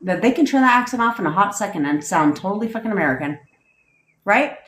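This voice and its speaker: A woman's voice: mid-range voice, animated, fast, fairly bright tone, roomy sound, slight background noise. Swearing, laughing woman on a livestream. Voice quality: profane, rambling, laughs often. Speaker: manifestation coach. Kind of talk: casual livestream chat answering comments.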